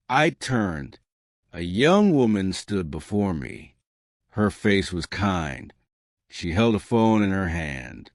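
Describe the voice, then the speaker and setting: Man, storybook narrator, lowish voice, slow and measured, dry close recording. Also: lively intonation, no echo. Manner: plain short sentences, measured. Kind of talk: scripted storybook narration for English learners.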